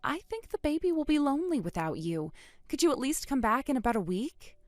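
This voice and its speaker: A woman's voice: high voice, very animated, brisk, dry recording. A woman voicing an earnest young aunt who pleads for her brother's baby, in scripted dialogue. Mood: pleading. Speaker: voice actor in a text-story drama.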